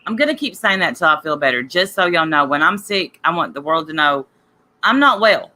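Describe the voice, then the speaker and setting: Fairly quick and very animated, her low voice comes out pushed and bright. She's a podcast host with a cough, rambling and gossiping on a casual talk show and chatting straight to her listeners.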